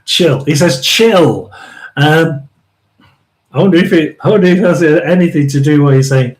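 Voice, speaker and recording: A man hosting a live tarot reading, rambling and emphatic, often restarting and clearing his throat. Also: on the high side, darkish tone, rough recording. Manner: chatty and emphatic, drawn-out stresses. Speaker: tarot reader and live stream host.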